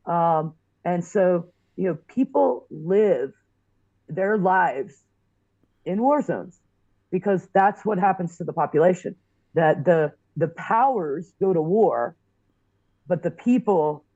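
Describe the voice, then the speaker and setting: A woman guest on a podcast, speaking in a measured, reflective way. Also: fairly low pitch, animated, mellow, no room sound, dull audio. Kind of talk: casual chat.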